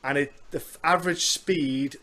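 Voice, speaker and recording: A man's voice: on the high side, steady tone, normal speed, pushed and bright. A man from the Isle of Man with a Manx accent, hosting a podcast interview in a chatty, rambling, self-deprecating way. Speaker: podcast host. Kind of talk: casual interview chat.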